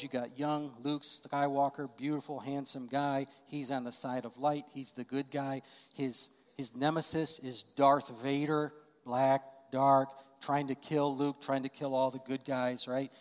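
A middle-aged man preaching a sermon as pastor, telling stories and swelling to loud, emphatic peaks. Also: mid-range voice, flat delivery, unhurried. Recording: long reverb of a large hall.

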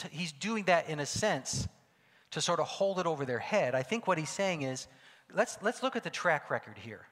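A male pastor preaching a sermon, swinging from loud calls to hushed asides. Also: on the high side, expressive, moderate pace. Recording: long hall reverb.

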